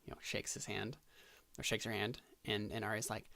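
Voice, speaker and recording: A man narrating as game master in a tabletop role-playing game, halting and filling pauses as he describes scenes. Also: fairly low pitch, flat delivery, vocal fry, pushed and bright. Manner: halting, full of fillers and restarts.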